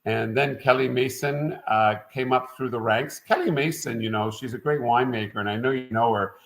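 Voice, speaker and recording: A man's voice: medium pitch, moderate pace, rough recording. Rambling middle-aged man from Quebec. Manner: rambling and anecdotal, frequent "uh" fillers. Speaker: winemaker guest. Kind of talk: casual interview storytelling.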